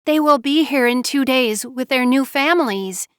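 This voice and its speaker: Woman narrator doing a sweet soft girly voice, way higher, dry close sound. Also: normal speed, clear, resonant tone, no echo. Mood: excited.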